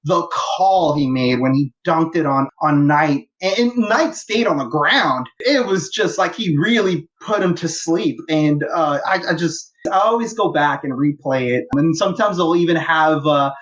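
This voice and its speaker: A man's voice: fairly high pitch, unhurried, hardly any pauses, a bit bright. Enthusiastic man from Los Angeles, lo-fi sound. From Los Angeles, USA. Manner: enthusiastic, rambling, frequent fillers and restarts. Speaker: guest, fan. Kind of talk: casual podcast interview. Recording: dull lo-fi audio.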